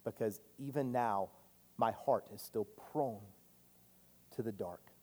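A man in his thirties preaching a sermon, earnest and confessional, his voice swinging from loud declarations to hushed admissions. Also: lowish voice, slow. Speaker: pastor. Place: church sanctuary. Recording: long hall reverb.

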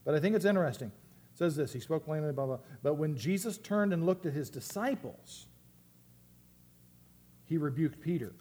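A man's voice: fairly high pitch, expressive, moderate pace, pauses often, warm tone, husky. Earnest male pastor preaching. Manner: earnest, reflective, many restarts. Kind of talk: sermon.

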